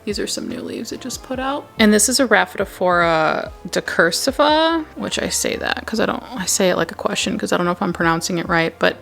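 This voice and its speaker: A woman's voice: lowish voice, fast, vocal fry, hardly any pauses, fairly bright tone, soft background music. A young woman chatting casually and gushing as she films a tour of her plant shelves at home on a handheld camera. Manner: gushing, chatty, drops to a whisper at times. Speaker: plant vlogger.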